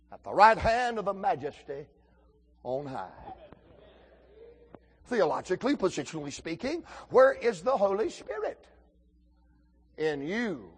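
A man, preaching a folksy storytelling sermon that swings between shouts and hushed asides. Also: high voice, husky.

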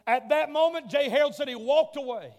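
A male preacher telling a story in a revival sermon, dramatic, swinging from hushed tones to shouts. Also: very high voice, brisk. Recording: long hall reverb, faint music.

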